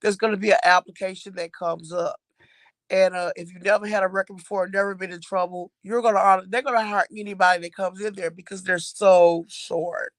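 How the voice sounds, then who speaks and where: A woman's voice: medium pitch, steady tone, brisk, dry recording. A middle-aged woman from Texas, a mother telling viewers a story about her son in a casual, chatty way, laughing often and using slang. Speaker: mother talking about her son's new job.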